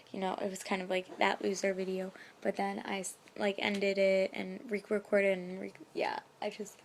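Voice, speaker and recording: A young woman talks straight into her phone camera, with a chatty, rambling flow full of "like" and "you know". She often drops to a hushed whisper, the way someone does late at night with a window open. A faint hiss sits under her voice. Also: mid-range voice, completely flat delivery, moderate pace, hardly any pauses. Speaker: vlogger. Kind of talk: casual storytelling vlog.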